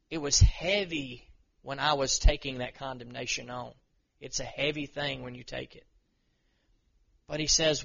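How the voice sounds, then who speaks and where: Man, preacher, gravelly voice, bright tone, earnest, muffled lo-fi sound. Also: mid-range voice. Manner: earnest, reads scripture slowly then talks plainly. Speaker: preacher to a men's group. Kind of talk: informal sermon.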